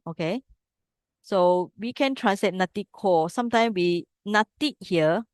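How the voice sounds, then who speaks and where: A woman's voice: mid-range voice, unhurried, no echo, studio quality. A woman teaching a class on reading old scripture. She explains step by step and keeps checking with the students. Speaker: Pali teacher. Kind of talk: classroom text study lesson.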